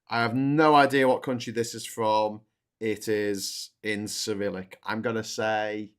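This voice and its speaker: A man with a Liverpool accent hosting a casual, sweary political chat show, rambling and joking about himself. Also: mid-range voice. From Liverpool, England. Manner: chatty, sweary, self-mocking. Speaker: host.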